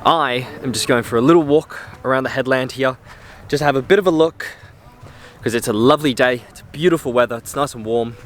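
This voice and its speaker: Walking a coastal trail with a handheld camera, a hiker vlogs in a chatty, upbeat way, dropping frequent fillers. His medium-pitched voice is brisk and a bit bright, typical of a casual travel vlog.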